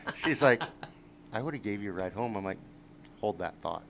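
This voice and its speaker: Man, very low voice, foul-mouthed storyteller, noisy recording. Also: a little fast, gravelly. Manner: profane, animated anecdote with quoted dialogue. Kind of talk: casual storytelling. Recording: noticeable background noise.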